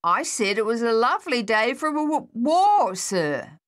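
A woman's voice: fairly high pitch, animated, a bit bright, voice pushed up. A woman voicing a young male soldier who speaks with a heavy stammer. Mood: earnest, stammering. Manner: stammering, halting.

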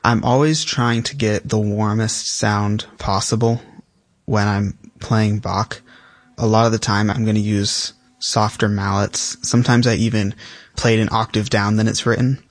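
Teen percussionist guest, lowish voice, relaxed and thoughtful, dry close recording. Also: male voice, a little slow, no room sound. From South Carolina, US. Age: teens. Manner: relaxed, thoughtful, uses many fillers. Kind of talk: interview answers.

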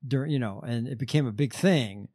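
A man hosting a casual podcast chat, telling stories in a halting, sardonic way. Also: medium pitch, dark tone, breathy edge. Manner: storytelling, halting with fillers, sardonic. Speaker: podcast host.

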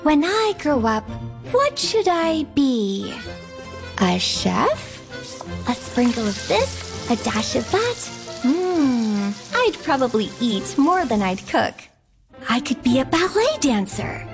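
A woman's voice: high voice, big pitch swings, slow pace, heavily acted. A woman voicing a hopeful young puppy in a radio ad, musing in a playful, childlike way about what to be. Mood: wondering. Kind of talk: scripted radio ad. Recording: music bed under the voice.

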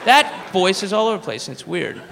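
A male stand-up comedian who rambles and swears for emphasis. His voice is high and bright. It carries a long reverb from a large venue, with faint ambience behind it. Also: big pitch swings, a little fast, creaky, some chatter behind, slight background noise. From Southern United States.

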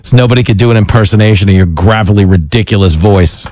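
A middle-aged man hosting a radio talk show, joking and self-deprecating with quick asides. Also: fairly low pitch, a little mellow, dry recording. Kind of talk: casual talk radio banter.

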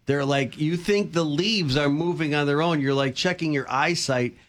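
A man's voice: on the high side, normal speed, fairly bright tone. A middle-aged man from the Chicago area, co-hosting a casual chat and telling rambling, self-deprecating anecdotes. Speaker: co-host.

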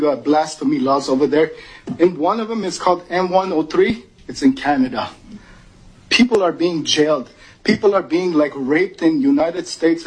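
A man's voice: on the high side, breathy edge, poor audio. A man from Iran giving an urgent, emotional public comment at a meeting.

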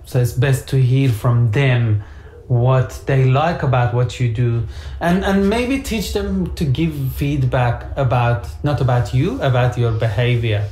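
A woman's voice: a bass voice, a little slow, dark tone. A woman hosting a casual parenting chat, explaining her points with examples and acted-out quotes. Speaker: podcast host. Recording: echoey room.

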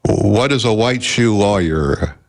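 A man's voice: lowish voice, lively intonation, slow pace, gravelly. A man hosting a radio call-in show, talking in a chatty, conversational way with hesitant fillers. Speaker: radio talk show host.

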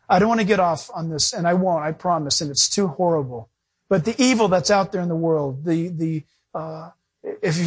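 A male pastor preaching a sermon, animated and acting out little dialogues. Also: sits high, breathy edge.

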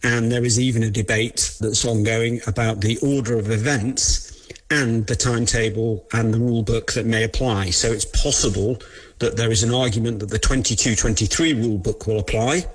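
A man's voice: mid-range voice, steady tone, moderate pace, breathy edge. A man giving careful, precise expert commentary on a legal process. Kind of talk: explanatory commentary.

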